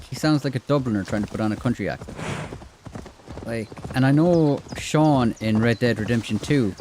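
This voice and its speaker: A man's voice: medium pitch, noisy background. An Irish man chatting loosely over gameplay, rambling with fillers and restarts. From Ireland. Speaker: gaming streamer. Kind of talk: casual gameplay commentary.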